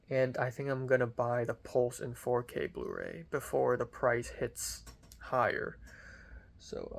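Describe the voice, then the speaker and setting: A man's voice: mid-range voice, creaky. Rambling young man vlogging his day. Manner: rambling, lots of fillers, casual swearing. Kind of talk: casual diary vlog.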